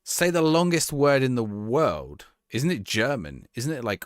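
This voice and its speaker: Young man, live game streamer, lively pitch, dry close sound, rambling chat. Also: measured pace, hardly any pauses, no echo. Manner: chatty, rambling, laughs easily. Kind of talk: casual gameplay commentary, reading chat.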